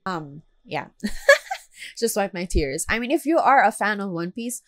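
A woman's voice: medium pitch, expressive, fairly quick, fairly bright tone, no room sound. A woman doing casual anime reaction commentary, chatty and emotional as she talks straight to her viewers. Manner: chatty, addresses viewers directly; emotional, gushing.

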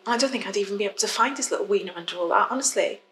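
A woman's voice: mid-range voice, very fast, a bit bright, reverberant, slight background noise, natural voice, poor audio. An actress playing a fed-up woman, stuck in lockdown with her partner, confiding in a rambling, apologetic way. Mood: aggrieved. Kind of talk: confessional monologue.

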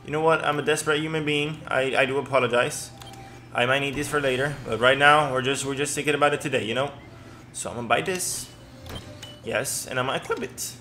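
Bright-voiced, excitable young man stammering. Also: medium pitch, a little fast, soft background music. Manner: excitable, stammering, swears a lot. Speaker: gaming commentator. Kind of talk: casual gameplay commentary.

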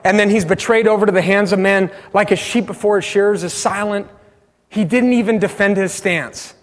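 A man preaching a sermon as pastor, passionate, swinging from loud bursts to hushed pleas. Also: high-pitched, a little fast, in a large hall. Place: church sanctuary.

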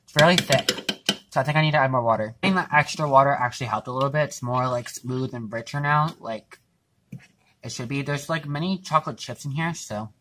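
A man's voice: mid-range voice, a little fast, fairly bright tone, slight background noise. A young man chatting casually in his home kitchen while baking for his vlog, rambling and self-mocking, with lots of fillers and swearing. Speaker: vlogger.

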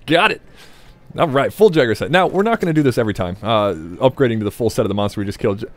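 A man with a medium-pitched voice talks very fast while casually commenting on his gameplay as a Let's Play host. He rambles and jokes, speaking directly to his viewers.

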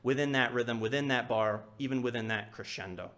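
A man's voice: mid-range voice, fairly quick, heavy background noise. A man teaching a percussion etude in a live lesson, counting aloud and singing rhythms with syllables. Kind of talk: live instructional walkthrough. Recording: loud snare drumming behind the voice.

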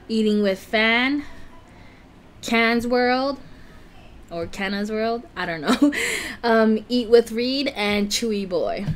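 A woman's voice: medium pitch, a little hiss or hum. A woman vlogger chatting casually to camera before a food challenge, nervous and giggly, often stumbling over her words. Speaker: mukbang vlogger.

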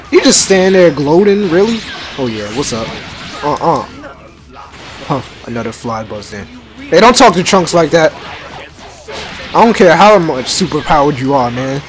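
A young man giving excited, slangy let's-play commentary and talking back to the game. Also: a little high. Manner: hyped, slangy, talks back to the game, many restarts. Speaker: gaming YouTuber.

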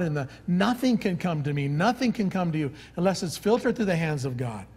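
Joking male pastor preaching. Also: a little high. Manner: jokey, animated preaching with acted-out quotes. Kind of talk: sermon.

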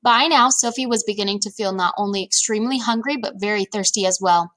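A woman reading a children's book chapter aloud at an unhurried pace. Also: mid-range voice, fairly bright tone, dry recording. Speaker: reader.

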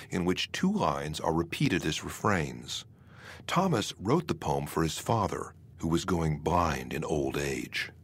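Male narrator, deep husky voice, lively intonation, scripted lesson. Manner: measured, explanatory.

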